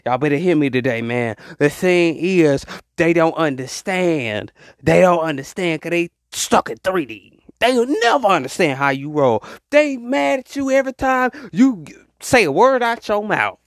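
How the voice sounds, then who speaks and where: A spiritual speaker preaches a rambling, slangy pep talk, with the voice swooping up and down in animated emphasis. The voice-message recording is close and dry, with no room sound. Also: medium pitch, measured pace, no echo.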